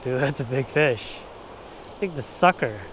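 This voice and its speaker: A young man filming himself fishing outdoors at a spillway, talking casually and bursting into excited exclamations, recorded on an action camera. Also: mid-range voice, moderate pace, slight background noise. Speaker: fishing vlogger. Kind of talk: casual on-the-spot commentary.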